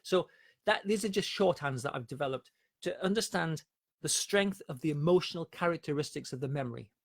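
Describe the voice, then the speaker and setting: A man with a fairly high, gravelly voice answers viewers' questions about anxiety in a live stream. He explains things step by step and brings in short parables. The sound is dry and close. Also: a little fast, no echo. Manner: explanatory, tells parables with acted quotes. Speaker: anxiety coach.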